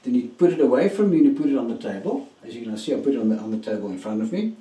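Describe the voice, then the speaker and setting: A man's voice: mid-range voice, big pitch swings, very fast, dark tone, recorded from a distance. A man giving an emphatic motivational relationship lesson, speaking directly to his listeners. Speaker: relationship coach. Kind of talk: motivational teaching talk. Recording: roomy echo, mic set back.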